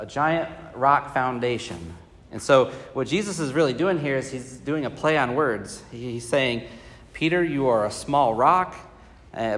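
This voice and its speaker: Leading a Bible study class, this man speaks in a mid-range, slightly bright voice. His talk is conversational and full of fillers, and he asks the group questions. Reverberation from the hall colours the recording.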